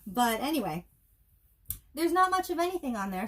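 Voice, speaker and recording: A woman's voice: high voice, big pitch swings, normal speed, fairly bright tone. A woman co-hosting a casual movie review show, with wry, dry joking asides. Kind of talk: casual chat.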